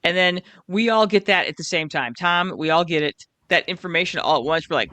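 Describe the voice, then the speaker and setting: Brief: co-host of a chatty podcast, bright forward voice, dry close sound, keen and talkative. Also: medium pitch, a little fast, no echo. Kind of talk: casual podcast chat.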